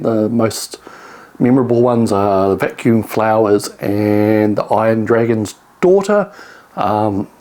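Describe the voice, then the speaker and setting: New man, book vlogger, lowish pitch, chatty and meandering. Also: a little mellow. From New Zealand. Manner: rambling, many ums and restarts. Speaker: book reviewer. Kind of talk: casual book haul talk.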